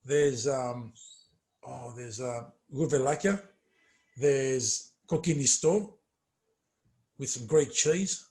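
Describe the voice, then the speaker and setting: A middle-aged former footballer in a casual interview, telling animated stories with many fillers and trailing off quietly. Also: male voice, mid-range voice, slow, pauses often.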